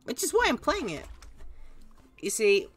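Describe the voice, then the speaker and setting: A woman's voice: fairly high pitch, huge pitch swings, a little slow. A woman streamer giving casual, sarcastic, self-mocking commentary while playing a game. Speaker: gaming streamer. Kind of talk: casual live gaming commentary.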